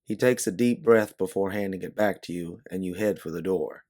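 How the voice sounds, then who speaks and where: Man, very deep, gravelly, steady audiobook narration, dry close sound. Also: moderate pace, dry recording. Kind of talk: second-person audiobook narration.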